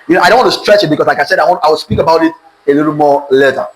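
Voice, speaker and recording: A man's voice: on the high side, rapid-fire. A man with a Nigerian accent teaching in sermon style, calling on his audience to repeat key words back to him. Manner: call-and-response, asks audience to repeat words. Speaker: preacher teaching on relationships. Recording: echoey room with faint background noise.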